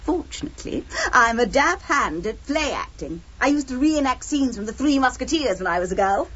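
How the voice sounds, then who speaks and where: A brisk, bold lady sleuth. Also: fairly high pitch, sing-song, fairly bright tone, breathy edge, highs cut off, exaggerated voice. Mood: spirited. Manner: brisk, confident, theatrical. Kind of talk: radio drama acting.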